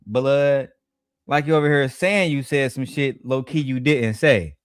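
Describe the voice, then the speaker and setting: A man's voice: mid-range voice, expressive, a little slow, clear, resonant tone, dry recording, clean studio sound. A male host giving crude, mocking commentary in blunt slang while reacting to clips.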